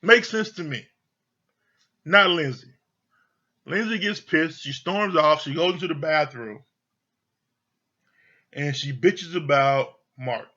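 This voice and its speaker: A man with a fairly high, bright voice talks through a reality show episode in loose, profane commentary, slipping into quoted lines as he goes. The sound is a little dull and lo-fi. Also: slow, pauses often. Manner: candid, profane, retells scenes with quoted voices. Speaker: show reviewer. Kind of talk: casual recap commentary.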